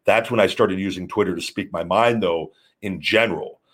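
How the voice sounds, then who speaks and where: A man's voice: sits low, normal speed, fairly bright tone. A man hosting a live stream, talking casually in a rambling, blunt way and swearing freely. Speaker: show host.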